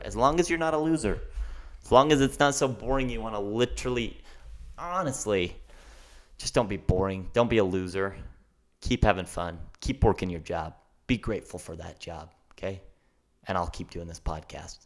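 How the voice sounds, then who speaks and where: A young man hosting a casual solo podcast, rambling and excitable, calling himself a fast talker. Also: lowish voice. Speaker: podcast host.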